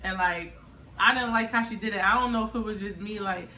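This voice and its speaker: A young woman telling her birth story in casual storytime chat, animated and laughing often. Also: mid-range voice, fairly quick, slight background noise. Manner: animated, laughs often, loud acted outbursts. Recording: echoey room, mic a bit far.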